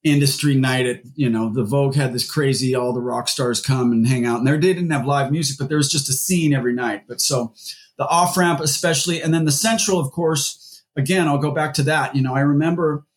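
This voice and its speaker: Brisk and medium-pitched, a guest musician from the Seattle area talks casually during an interview. He meanders through anecdotes, often restarting and leaning on fillers.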